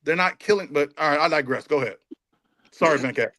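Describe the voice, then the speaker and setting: Bright, high-voiced joking man. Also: fast, dry recording, clean studio sound. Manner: playful, teasing. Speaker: podcast panelist. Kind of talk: joking podcast banter.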